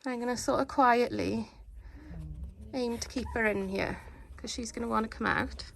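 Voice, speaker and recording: A woman dog breeder in a casual home vlog, talking in a calm, steady, instructive way from her living room. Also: fairly high pitch, normal speed, creaky, slight background noise.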